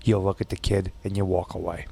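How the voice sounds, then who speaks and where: A man's voice: deep voice, little pitch movement, fairly quick, vocal fry, warm tone, slightly rough. A young man co-hosting a casual comedy show, telling brash, profane stories. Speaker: co-host.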